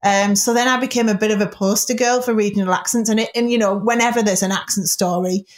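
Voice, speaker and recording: A woman's voice: medium pitch, steady tone. A woman with a Northern English accent, a broadcaster chatting candidly as an interview guest. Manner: chatty, candid, quick asides. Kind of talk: casual interview chat. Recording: roomy echo.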